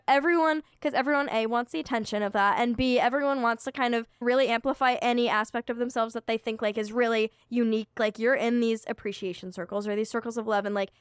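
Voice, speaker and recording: A woman's voice: on the high side, fairly even intonation, fast talker, few pauses, clean tone, dry recording, studio quality. A young woman co-hosting a podcast, chatting and reflecting, often laughing. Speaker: podcast co-host. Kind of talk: casual chat.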